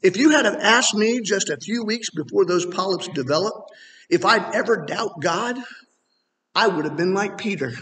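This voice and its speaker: Bright-voiced man preaching in a hall. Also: high voice, moderate pace. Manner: animated, rising to emphatic near-shouts. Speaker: pastor. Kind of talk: sermon. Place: church sanctuary. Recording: long hall reverb.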